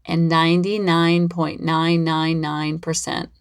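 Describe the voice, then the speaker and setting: Chatty lower-voiced woman podcast host. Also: flat delivery, slow, creaky, clear, resonant tone. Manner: chatty, rambling and upbeat, with lots of repetition. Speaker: parenting coach and podcast host. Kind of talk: casual solo podcast talk.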